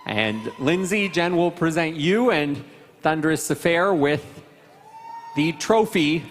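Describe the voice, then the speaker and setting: A man with a fairly high voice calls out award winners at a live horse event. He announces in a formal, ceremonial way, and his voice rings with long reverb through a large indoor arena.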